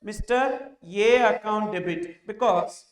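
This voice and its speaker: A man teaching a tax class, asking questions and answering them himself as he dictates entries slowly. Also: high voice, echoey room. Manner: asks and answers his own questions, slow dictation of entries. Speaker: tax lecturer. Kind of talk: classroom lecture.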